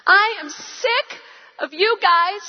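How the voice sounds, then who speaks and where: A woman imitating her worked-up teenage son, whining in a high-pitched voice. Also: slow pace, muffled recording. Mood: whiny. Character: upset teenage boy, whiny and worked up.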